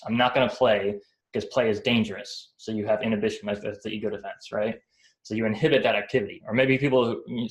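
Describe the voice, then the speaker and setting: A man giving a casual talk about emotions, rambling and checking in with "right?" after almost every point. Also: on the low side. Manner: rambling, many fillers like "right?" and "like". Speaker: speaker explaining psychology. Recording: echoey room.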